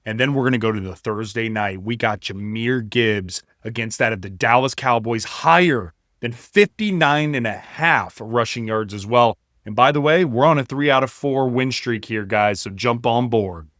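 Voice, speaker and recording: A man co-hosting a sports podcast who gives emphatic, steady analysis and keeps calling the listeners guys. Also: medium pitch, normal speed, hardly any pauses, no room sound, studio quality. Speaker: podcast co-host.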